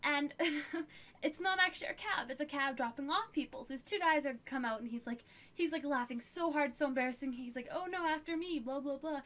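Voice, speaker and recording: Answering questions from viewers, this young streamer speaks briskly in a high-sitting, fairly bright voice. She keeps things loose and chatty, laughing often and filling gaps with filler words.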